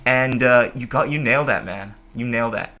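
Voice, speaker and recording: A man's voice: mid-range voice, brisk, a loud crowd. A man hosting a podcast, talking in a casual, enthusiastic and emphatic way. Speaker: podcast host. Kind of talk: casual conversation.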